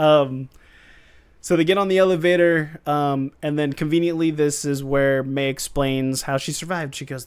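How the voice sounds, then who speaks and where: A man with a smooth, resonant voice chats casually as he recaps an episode, slipping into quick acted-out lines and laughing along the way. His voice sits a little high for a man, and the recording is dry and close. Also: no echo. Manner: animated, acts out lines with laughs. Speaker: podcast co-host.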